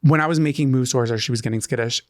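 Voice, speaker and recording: A man co-hosting a casual podcast, telling a story in an animated way that rises to squeals when he gets excited. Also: medium pitch, rapid-fire, no room sound, studio quality. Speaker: podcast co-host.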